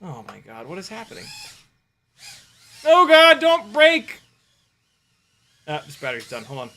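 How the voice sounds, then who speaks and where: A man chatting casually while flying a drone on a live stream, excitable, laughing and swearing, talking to his dog. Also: high voice, unhurried. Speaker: FPV drone pilot and streamer.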